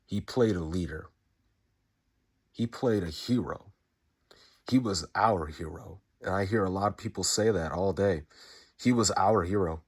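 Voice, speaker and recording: A tearful man with a low, deep voice talks straight to the camera, fighting back tears. He halts and restarts his sentences, repeats words and swears casually. The monologue is unscripted. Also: a little slow, long pauses, breathy edge. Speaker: fan recording a tribute message.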